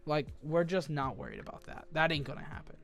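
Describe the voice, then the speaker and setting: A man's voice: a little high, wildly swooping pitch, brisk, gravelly. A man giving casual, rambling commentary as he builds a competitive team, thinking aloud and correcting himself with lots of fillers.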